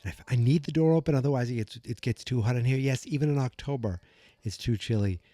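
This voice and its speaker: A man's voice: mid-range voice, fast, dark tone, no echo, studio quality. A man hosting a podcast, musing and rambling through a casual episode recap with many fillers, from a room at home. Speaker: podcast host. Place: room at home with the door open. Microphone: podcast mic.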